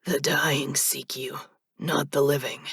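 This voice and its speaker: A cold male death spirit speaking in a slow, flat monotone, low and hushed, as a woman narrator puts him on. His voice is husky and gravelly, recorded dry and close for an audiobook. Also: no echo, exaggerated voice.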